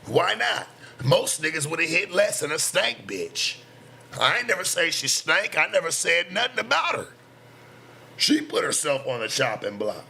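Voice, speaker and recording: Guy in his 30s going off on a rant, gravelly and kinda sharp, a little noise behind him. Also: fairly high pitch, sing-song, a little slow. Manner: boastful, defensive, heavy slang. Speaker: show host. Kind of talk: profane casual rant.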